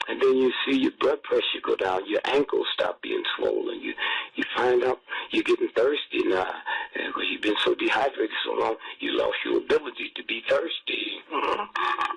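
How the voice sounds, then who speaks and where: A man's voice: mid-range voice, very animated, normal speed, gravelly, fairly bright tone, slight background noise, rough recording. An older man speaking as a guest on a call-in radio show, folksy and preachy, often repeating himself. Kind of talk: casual call-in radio talk.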